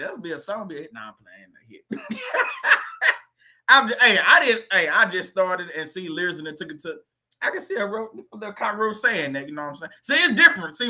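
A man hosting a livestream in a loose, rambling way, laughing often as he goes off on tangents. His voice is high and very bright, with a sharp edge. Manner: rambling, laughing, chatty asides. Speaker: livestream host. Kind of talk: joking livestream talk.

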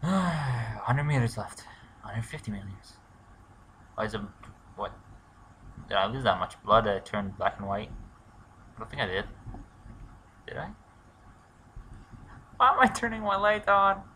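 Mumbling gamer guy with a sharp, bright voice. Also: mid-range voice, very animated, unhurried, pauses often, a little hiss or hum. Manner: mutters to himself, swears and shouts when in danger. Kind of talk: let's play commentary.

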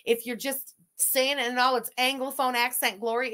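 A woman from Quebec, Canada, riffs sarcastically over a livestream she is watching. Her voice sits a little high and sounds bright and forward. She is blunt and swears freely. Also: flat delivery, normal speed. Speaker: commentator reacting to a livestream. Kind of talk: profane sarcastic reaction commentary.

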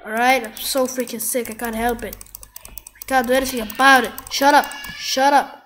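A woman commentating her gameplay while sick and coughing, excitable, yelping and trash-talking at the screen. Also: on the high side, normal speed, a little hiss or hum. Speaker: gamer.

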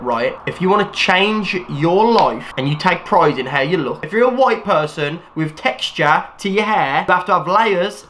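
A man's voice: sits high, fairly bright tone. Fired-up man ranting to camera. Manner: heated, sweary, emphatic. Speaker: vlogger. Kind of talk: angry rant to camera. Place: bedroom. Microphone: camera mic.

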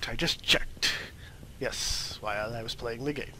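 Goofy guy slowly rambling over his game, lots of jokes, noisy game sounds behind. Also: medium pitch, creaky, bright, forceful tone. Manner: goofy, rambling, jokey asides. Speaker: gaming video host. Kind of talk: casual gameplay commentary.

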